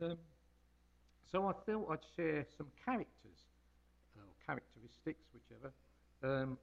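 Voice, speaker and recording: A man's voice: medium pitch, creaky, breathy edge, dull audio. A man giving an informal devotional talk as a lay preacher, homely and rambling, hesitating with frequent ums.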